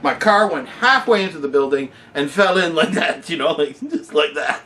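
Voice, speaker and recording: Man vlogger, lively rambling storyteller, a bit high-voiced, wide swings in pitch, self-mocking. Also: normal speed. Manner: animated, rambling storyteller who laughs at himself. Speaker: vlogger telling a personal story. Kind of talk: casual anecdote to camera.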